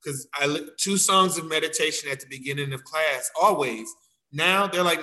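Man dance teacher, casual chat, bright tense voice, slightly high, acts out quotes. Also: moderate pace, rough recording. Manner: animated, acts out quotes of himself and others. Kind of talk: casual conversation.

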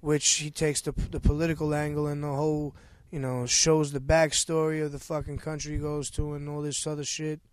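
A man's voice: fairly high pitch, little pitch movement, a little fast, hardly any pauses, clean tone, dry recording. A man with a New York accent, a rapper joking and swearing freely as a guest in casual, profane studio banter. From United States. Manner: loud, laughing, swears freely.

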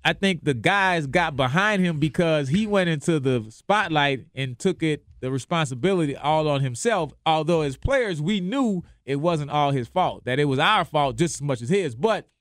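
A former pro football player from New Orleans talks sports in a relaxed, storytelling way, often repeating words as he gets going. His voice sits a little high. The recording is dry and close. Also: moderate pace, hardly any pauses, dry recording. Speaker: former NFL player, show guest. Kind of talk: casual sports talk.

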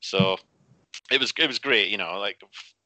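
Man, low voice, very bright and forceful, dry close sound, animated, self-interrupting. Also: normal speed, no room sound. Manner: animated, restarts often, acts out quotes. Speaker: guest author. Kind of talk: casual interview chat.

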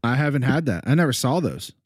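A man's voice: mid-range voice, sing-song, fast talker, no room sound, studio quality. A man co-hosting a podcast, arguing casually with a stubborn, exasperated manner and frequent swearing. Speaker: podcast co-host. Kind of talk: casual banter.

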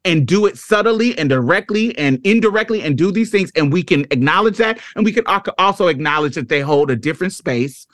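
A woman's voice: fairly low pitch, lively intonation, fairly quick, hardly any pauses, no echo, studio quality. A woman hosting a podcast interview, talking in an emphatic, blunt way with salty language. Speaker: podcast host. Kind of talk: casual interview chat.

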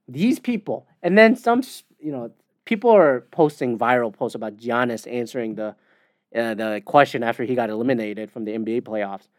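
A man's voice: mid-range voice, a little mellow, no echo, studio quality. A man from the United States hosting a podcast alone, ranting in a heated, profane, rambling way. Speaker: podcast host. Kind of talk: casual solo rant.

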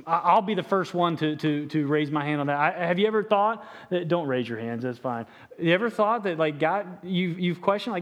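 High-voiced pastor preaching with stammered restarts. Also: male voice, animated, brisk, a bit bright. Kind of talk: sermon.

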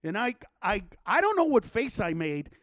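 A man's voice: high voice, big pitch swings, moderate pace, a bit bright, dry recording, clean studio sound. A man telling a long, profane story in casual chat, acting out the quotes.

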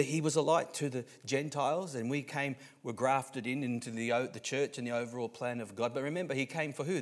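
A man with an Australian accent preaching a sermon as pastor, swinging between hushed lines and loud, emphatic ones, often restarting his words. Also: mid-range voice. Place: church.

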